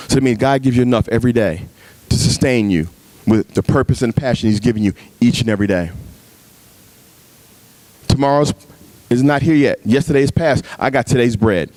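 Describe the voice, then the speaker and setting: A man gives a sermon at a men's retreat, his voice climbing sharply when he acts out arguing with God and settling low when he turns personal. The sound is dry and close, with little room echo. He speaks as a pastor talking straight to the men in front of him. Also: a little mellow. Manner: preaching with big pitch swings, acting out dialogue with God.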